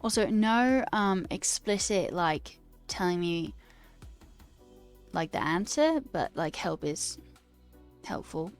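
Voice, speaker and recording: A woman's voice: on the low side, animated, slow pace, smooth, soft background music. An American woman hosting a casual coding livestream, thinking aloud and hesitating and joking at her own expense. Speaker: livestream host.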